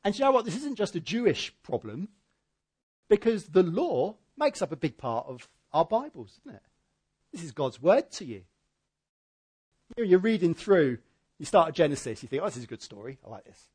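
A man preaching a sermon in a conversational, emphatic way, with a husky voice. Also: high voice, big pitch swings, normal speed, long pauses, darkish tone.

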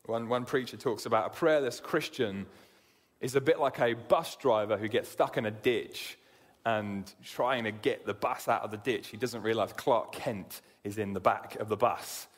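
A man's voice: fairly low pitch, normal speed. A man preaching a sermon in an earnest way, often repeating words as he begins a sentence. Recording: long hall reverb.

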